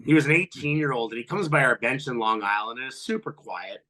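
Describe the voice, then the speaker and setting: A man in his fifties, a former pro hockey player, telling profane locker-room stories as a podcast guest and loudly acting out what people said. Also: medium pitch, a little fast. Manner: animated, profane, acts out quotes loudly. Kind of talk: storytelling in a podcast interview.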